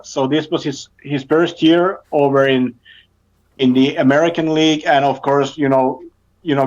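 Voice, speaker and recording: A man with a fairly high voice tells a story in a loose, halting way. He repeats words and laughs between phrases. The sound is dull and lo-fi. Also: a little mellow. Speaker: podcast co-host. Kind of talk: casual storytelling chat.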